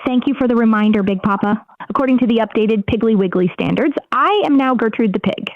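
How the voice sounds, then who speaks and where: Cheerful AI assistant voiced by a synthetic woman, polite and formal, high-ish, muffled dry sound. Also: fairly quick, no room sound, natural voice. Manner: polite, eager-to-please, formal phrasing. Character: cheerful female AI assistant role-playing as a pig.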